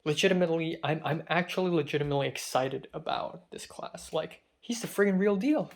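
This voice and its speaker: With a fairly high pitch and a slightly fast pace, this young Hong Kong man chats away in a casual monologue. As a film student vlogger, he rambles, tells stories, and keeps making self-deprecating side remarks.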